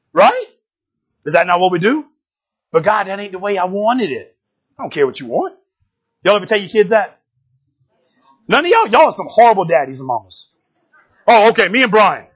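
A man preaching a sermon, animated and full of call-and-response, asking "right?" again and again. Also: high voice, husky, dull audio. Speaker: pastor. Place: church sanctuary.

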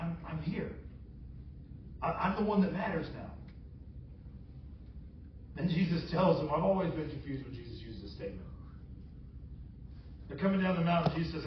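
A man preaching a sermon as pastor, animated and humorous as he retells a story. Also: on the high side, background noise. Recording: roomy, distant, dull sound.

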